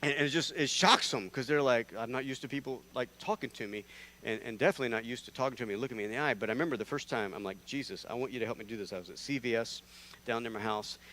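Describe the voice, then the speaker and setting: A man preaching in a church, voice of middling pitch, telling stories casually and joking at his own expense. He swings from hushed, soft asides to loud, punchy bursts as he acts out the characters in his stories. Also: rapid-fire, slight background noise. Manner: animated storytelling, acting out characters with big swings in loudness; self-deprecating, conversational asides. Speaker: guest preacher. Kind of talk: sermon. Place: church sanctuary.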